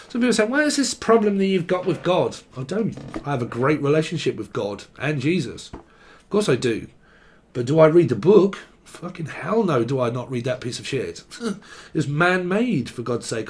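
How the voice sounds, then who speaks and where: A tarot reader with a medium-pitched, slightly mellow male voice gives a casual reading. He rambles playfully, acts out the voices of people he quotes, and swears freely.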